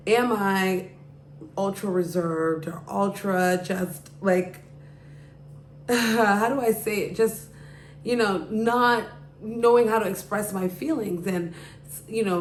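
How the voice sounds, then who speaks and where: A woman's voice: mid-range voice, a little hiss or hum. A woman hosting her podcast, telling a story casually, full of "like" and "you know". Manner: rambling, heavy use of "like" and "you know". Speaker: podcast host. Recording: echoey room.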